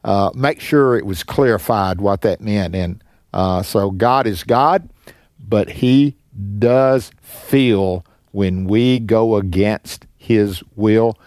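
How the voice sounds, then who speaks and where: A low-voiced man co-hosts a Bible call-in radio program. He talks like a pastor, restarting his sentences as he searches for words. The studio sound is dry and close. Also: no echo. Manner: warm pastoral, halting restarts.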